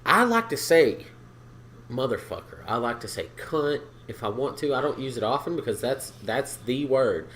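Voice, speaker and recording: A man's voice: mid-range voice, moderate pace, slight background noise. A man co-hosting a podcast, chatting casually, swearing freely and acting out quoted people. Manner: animated, swears a lot, acts out quotes. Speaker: podcast co-host. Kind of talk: casual profane chat.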